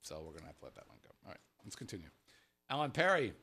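A man co-hosting a casual podcast, reading out listener names with playful, animated banter that drops into murmured asides. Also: on the low side, very fast, a little hiss or hum. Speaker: co-host.

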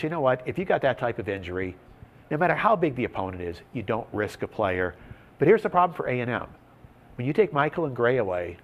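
A medium-pitched man hosts a sports betting talk show, steering the segment with lively emphasis as he lays out odds and stats.

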